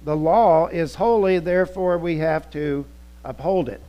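A man's voice: on the high side, a little slow, mellow. A male pastor delivering a conversational teaching sermon, repeating words for emphasis.

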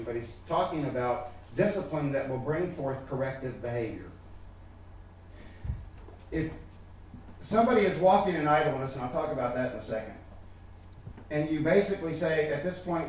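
A man's voice: medium pitch, a little mellow, a little hiss or hum. A man preaching a sermon as pastor, emphatic and direct with his listeners, often repeating his words. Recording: echoey room from far off.

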